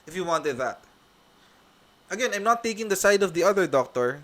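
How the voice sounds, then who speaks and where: A man's voice: high voice, animated, brisk, fairly bright tone. A Filipino man hosting a heated reaction video, talking emphatically and repeating his points while mixing English and Tagalog. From Philippines. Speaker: vlog reaction host.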